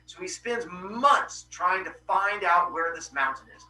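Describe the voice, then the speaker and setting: A man's voice: sits high, animated, measured pace, pushed and bright, low-quality recording. A male teacher in a classroom retelling a Greek myth in a casual, joking, slangy way and answering students.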